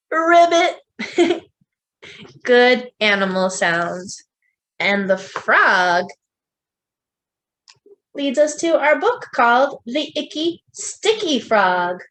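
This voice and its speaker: Woman librarian, slightly high voice, slow sing-song storytime for toddlers, coaxing. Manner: sing-song, coaxing, with playful animal sounds; slow, expressive read-aloud for small children. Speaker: children's librarian. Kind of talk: preschool storytime with songs and reading aloud.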